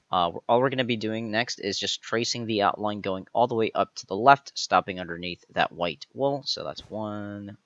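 A man narrates a building tutorial step by step, counting out each block he places. His voice sits a little low but sounds bright and forceful. The recording is dry and slightly dull, like a modest home setup. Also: no room sound. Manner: methodical, counts blocks aloud one by one. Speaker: tutorial host. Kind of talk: step-by-step game tutorial voice-over.

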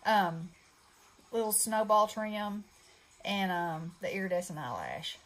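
Showing her handmade crafts, a middle-aged craft channel host chats casually and rambles with plenty of fillers. Her mid-range voice is animated but slow-paced, and the audio is poor.

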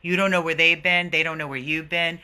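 A man's voice: on the high side, level tone, brisk, sharp tone, clean tone. A man who runs an animal rescue, giving an indignant, earnest video update to his followers.

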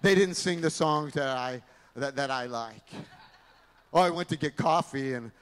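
A man's voice: medium pitch, moderate pace, fairly bright tone, clear, resonant tone, lightly acted. A man playing a gloomy churchgoer who moans and grumbles, in a sermon. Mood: grumbling. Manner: grumbling, moaning. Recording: long reverb of a large church hall.

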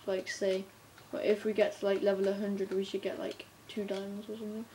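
A woman chatting casually as she narrates her gameplay, talking to herself and breaking into bursts of excitement. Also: medium pitch, a little fast. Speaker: gamer narrating her play. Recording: faint background noise.

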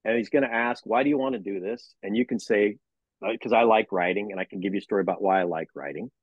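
A man's voice: lowish voice, fast talker, breathy edge, no echo, dull audio. A man who teaches sports management and works as a broadcaster, speaking as an interview guest on a video call and acting out conversations with his students. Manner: animated storyteller who acts out dialogues with students. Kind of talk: casual interview talk.

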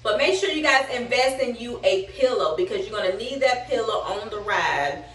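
A young woman tells her story in a candid, chatty vlog, slangy and a little out of breath. Her voice sits fairly high. She sounds set back from the mic in an echoey room. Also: animated, moderate pace, fairly bright tone, recorded from a distance. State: slightly out of breath. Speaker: vlogger.

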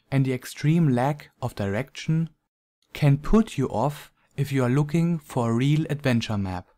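A man with a German accent reading a scripted game review in a measured, even voice-over. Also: medium pitch.

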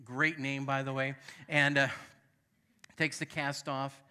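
Bright, forceful male pastor preaching. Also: medium pitch, little pitch movement, slow, smooth. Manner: emphatic, conversational preaching with calls to the congregation; tells personal stories with candid, self-deprecating asides. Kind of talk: sermon. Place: church sanctuary.

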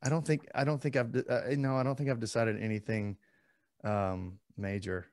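A man's voice: mid-range voice, little pitch movement, moderate pace, darkish tone, dry recording. Joking man, dry close sound. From East Texas. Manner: self-deprecating, joking, many restarts. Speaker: actor, guest. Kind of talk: casual interview.

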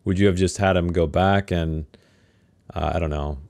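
A man's voice: low voice, fairly even intonation, normal speed, creaky, a little mellow, no echo. A man appearing as a guest on a casual book discussion, often laughing and asking questions. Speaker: podcast guest.

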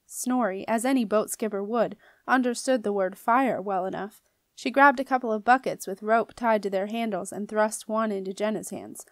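A woman narrating a children's fantasy novel as an audiobook reader, in clear, steady storytelling. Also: mid-range voice, moderate pace, no room sound, clean studio sound.

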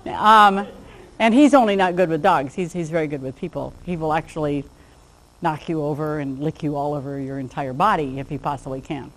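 A woman's voice: low voice, a little fast, poor audio. A woman giving an informal lecture on dog behavior to a class, chatty, acting out little bits of dialogue and laughing at her own jokes.

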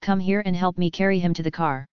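A woman's voice: lowish voice, steady tone, fast talker, clear, resonant tone, dry recording, lightly acted. A woman voicing a stern, protective young man who gives firm orders, in a dull, dry recording. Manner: stern, commanding.

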